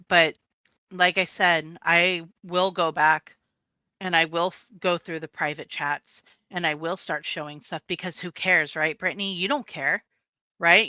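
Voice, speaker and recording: A woman's voice: on the low side, pushed and bright, dry recording. Weary woman on dull lo-fi audio. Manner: weary, pointed, addresses absent person. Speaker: co-host guest. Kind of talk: casual commentary chat.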